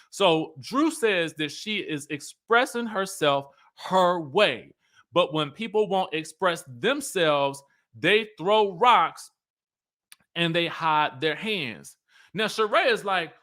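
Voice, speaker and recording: A man hosting a casual reality TV recap. His delivery is animated and chatty, and he acts out quotes as he talks. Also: a little high. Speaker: YouTube host.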